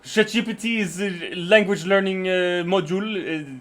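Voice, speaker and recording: A man's voice: sits high, normal speed, a bit bright. A male live streamer with a slightly raised voice chats casually while reading terms of service aloud. He swears freely and jokes along, often stammering and starting his sentences over. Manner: profane, joking, stammers and restarts often.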